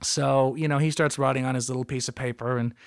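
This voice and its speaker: A man hosting a comedic solo podcast, rambling through stories with jokey asides and lively outbursts. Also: medium pitch, fast talker, vocal fry, clear, resonant tone, no echo, clean studio sound. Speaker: podcast host.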